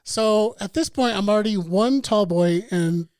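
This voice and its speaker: A man's voice: high-pitched, unhurried, darkish tone, clean tone, no echo. Profane laid-back male storyteller, dry mic. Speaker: podcast co-host. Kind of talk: casual storytelling chat.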